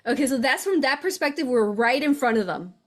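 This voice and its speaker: Excited woman host saying "you all". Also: high-pitched, a little fast, a crowd in the background. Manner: excited and emotional, repeats "you all", laughs often. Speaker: spiritual channel host. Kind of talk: casual livestream talk.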